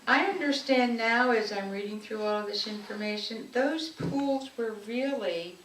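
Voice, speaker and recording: A woman's voice: fairly high pitch, unhurried. A woman speaking at a community event, telling fond personal stories in the manner of a public speech. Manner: fond, storytelling, warm recollection. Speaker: local speaker at an anniversary event. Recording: echoey room, distant mic, faint noise.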